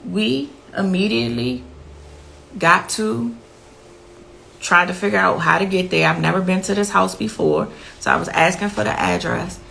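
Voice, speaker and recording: A woman's voice: medium pitch, animated, normal speed, creaky, fairly bright tone, slight background noise, rough recording. A woman, a grieving mother, giving a blunt and impassioned interview account, repeating herself for emphasis. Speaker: victim's mother telling her story.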